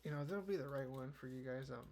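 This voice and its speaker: This young male podcast host talks fast in a mid-range voice, rambling and swearing through a casual chat while dropping "you know" into nearly every line. Keyboard clicks and background noise can be heard.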